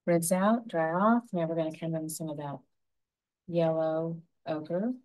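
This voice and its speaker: Low, mellow-voiced woman teaching painting. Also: rough recording. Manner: gentle, unhurried, talking through each brushstroke. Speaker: painting instructor. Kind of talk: step-by-step painting tutorial.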